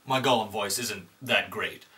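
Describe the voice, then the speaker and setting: A man's voice: fairly low pitch, unhurried, sharp tone. A young man hosting a casual comedic tutorial at home, rambling and self-deprecating, with lots of fillers. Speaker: host. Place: room at home, filming himself. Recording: echoey room.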